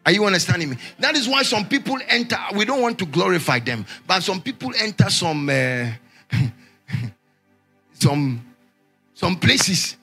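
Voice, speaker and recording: A man preaching a sermon as pastor, raising his voice in shouted, singsong lines and asking the congregation questions for them to answer. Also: high voice, expressive, moderate pace, pauses often, slightly rough, faint music behind. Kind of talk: call-and-response sermon.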